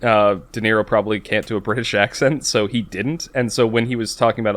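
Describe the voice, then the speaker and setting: A man co-hosting a podcast, talking casually in a rambling, self-interrupting way with quick laughs. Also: lowish voice, steady tone, a bit bright. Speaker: podcast co-host. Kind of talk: casual chat.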